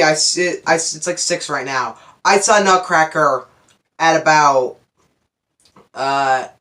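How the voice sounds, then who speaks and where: A man's voice: high voice, bright, forceful tone. A young man giving a casual, unscripted movie review, rambling and correcting himself as he goes. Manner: rambling, self-correcting, enthusiastic.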